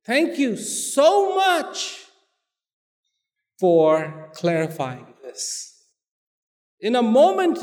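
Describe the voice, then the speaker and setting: A man voicing a proud, hot-tempered king of old who shouts high and strained, as a story inside a sermon in a hall with long reverb. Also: recorded from a distance, full character voice.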